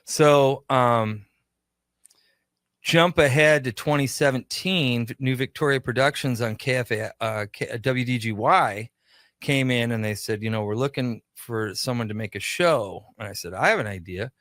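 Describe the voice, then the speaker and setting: A man spins a long story in a radio studio, voicing the back-and-forth himself. His voice sits at an ordinary pitch and is recorded dry and close. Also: normal speed, no echo. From Minnesota. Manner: animated anecdotes, acting out dialogue. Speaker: radio show creator and guest. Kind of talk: casual storytelling.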